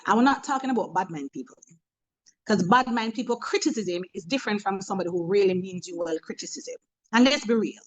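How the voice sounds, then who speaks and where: A woman's voice: mid-range voice, lively intonation, brisk, low-quality recording. A woman with a Jamaican accent, a motivational speaker in a webinar talk, humorous and preachy, telling stories from work.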